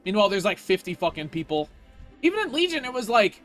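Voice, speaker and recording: A man's voice: high-pitched, sing-song, fast, fairly bright tone, soft background music. A man streaming a video game, ranting in casual, profane commentary.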